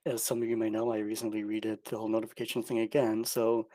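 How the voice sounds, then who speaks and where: A man with a mellow, warm voice introduces himself on a video call. He sounds lightly amused at himself, and the sound is dry and close. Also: lowish voice, completely flat delivery, fast talker, no room sound. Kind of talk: casual self-introduction.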